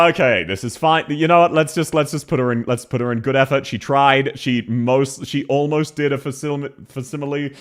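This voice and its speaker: An Australian man streaming and casually reacting to voice clips, blunt and quick to laugh, swearing freely. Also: mid-range voice, steady tone. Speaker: streamer reviewing voice acting.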